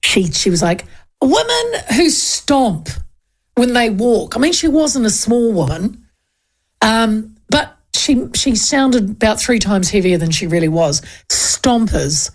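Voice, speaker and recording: A woman's voice: medium pitch, lively intonation, a little slow. New zealand accent, middle-aged woman, talkback radio host, chatty, cheeky storyteller. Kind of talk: casual talkback chat reading listener texts.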